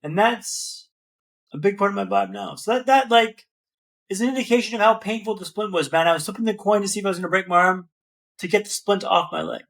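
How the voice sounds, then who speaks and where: With a high, gravelly, slightly bright voice and a somewhat fast delivery, this man spins a dramatic tale as a podcast guest. His storytelling is vivid and rhythmic, full of repeated phrases, and he addresses the host as "man".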